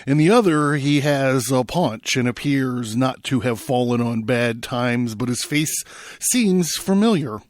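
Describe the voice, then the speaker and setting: A man hosting a podcast, reading a book aloud dramatically with swings in loudness. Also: medium pitch, lively intonation, a little slow, no room sound, clean studio sound.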